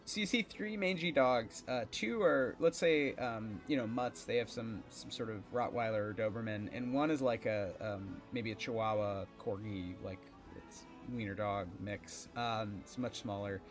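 A man's voice: fairly low pitch, moderate pace, hardly any pauses, music in the background. Rambling man running a tabletop game. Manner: rambling with fillers. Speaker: game master.

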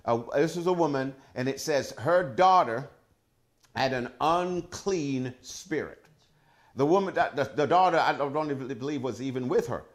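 This is a man preaching a sermon, his voice sitting at an ordinary middle pitch. He speaks emphatically, repeats himself for effect, and punctuates his teaching with praise and calls to the congregation. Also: moderate pace. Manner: emphatic, repetitive, animated preaching with Scripture references. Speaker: pastor.

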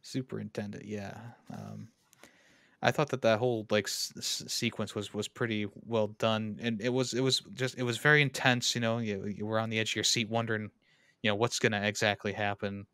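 A man's voice: fairly low pitch, flat delivery, fairly quick, bright, forceful tone, no echo, clean studio sound. A man co-hosting a podcast, chatting casually about a movie and circling back to restate his points. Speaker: podcast co-host. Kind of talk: casual movie-discussion chat.

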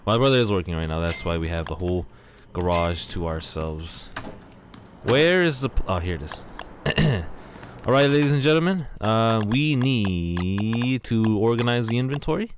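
A man's voice: on the low side, slight background noise. A man casually commentating on his own gameplay, rambling and exclaiming often, a little out of breath. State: slightly out of breath. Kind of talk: casual let's-play commentary.

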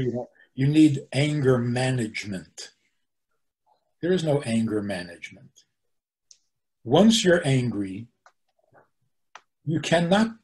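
A rabbi in a teaching talk, his voice rising and falling freely as he speaks. He is an animated man who poses questions and answers them himself. He sits at a middle pitch for a man. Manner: animated, acts out the angry voices he quotes.

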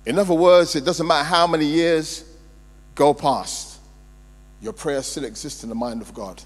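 A male pastor, preaching a sermon in a church hall and swinging between loud emphasis and quiet storytelling. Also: fairly high pitch, normal speed. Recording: reverberant hall with mains hum.

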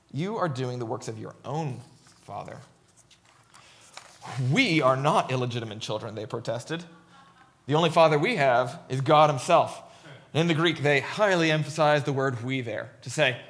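A man delivering a church sermon, moving between read scripture and emphatic commentary. His voice sits a little higher than most men's, and he keeps asking "right?" to draw listeners along. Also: a bit bright. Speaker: preacher.

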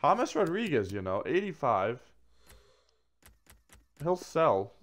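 A man giving casual commentary while opening packs in a video game, swearing freely and swinging between flat grumbling and excited shouts. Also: fairly high pitch, slow pace. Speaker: gaming video creator.

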